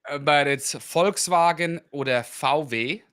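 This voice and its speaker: A man from Germany with a German accent, hosting a casual chat and slowly spelling out how words are said. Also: a little high, clear, resonant tone. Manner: explains pronunciations slowly, self-aware about a loud voice. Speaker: host.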